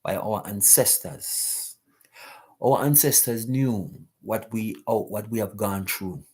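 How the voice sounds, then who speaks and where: A man's voice: fairly low pitch, takes it slowly, darkish tone, slightly rough. A man hosting a live talk stream, preaching emphatically and repeating rhetorical questions to his listeners.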